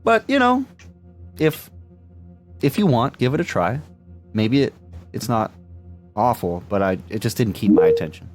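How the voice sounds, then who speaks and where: A man's voice: mid-range voice, sing-song, moderate pace, long pauses, darkish tone, soft background music. A man co-hosting a movie podcast, chatting casually with many fillers and restarts and laughing often. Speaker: podcast co-host.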